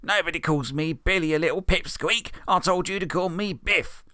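A man's voice: a little high, normal speed, sharp tone, no echo, pitched above the performer's own voice. A blustering young bully from a village ball game, as a man reads him. He is self-important and bossy. His voice sits a bit above an adult man's and sounds close and dry.

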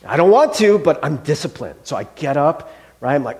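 A man's voice: a little high, fairly quick. A male pastor preaching a sermon. He acts out small scenes and often puts questions to his listeners. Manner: animated, acts out little scenes.

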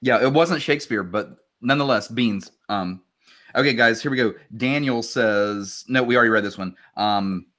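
A man's voice: medium pitch, normal speed, fairly bright tone. A young man hosting a casual show, reading listener jokes aloud, laughing often and swearing casually. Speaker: show host.

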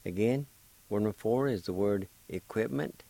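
A radio host teaching Cherokee speaks in a lowish, mellow voice with vocal fry, and the audio quality is poor. Slow and patient, he spells words out one syllable at a time and encourages the listener.

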